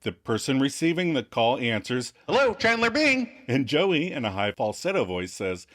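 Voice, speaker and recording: A man co-hosting a podcast, recapping a sitcom episode in casual chat and acting out the characters' lines in high, squeaky voices. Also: very animated, moderate pace, a bit bright. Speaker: podcast co-host.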